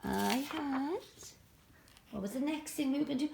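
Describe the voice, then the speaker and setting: A middle-aged woman with a Welsh accent, a primary school teacher giving a slow phonics lesson for young children at home, stretching out each sound. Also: high-pitched, sing-song, vocal fry, warm tone. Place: home, filming alone.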